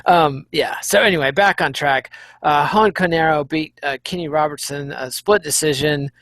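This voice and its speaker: A man co-hosting a casual post-fight chat, measured and wry, running through results with dry humor. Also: fairly high pitch, a bit bright, no echo. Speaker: co-host.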